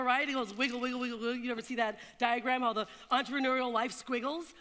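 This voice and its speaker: Her voice sits high and moves a little fast as this thirty-something keynote speaker addresses an audience in a London event hall. The hall's long reverb carries her lively storytelling and the questions she throws to the crowd.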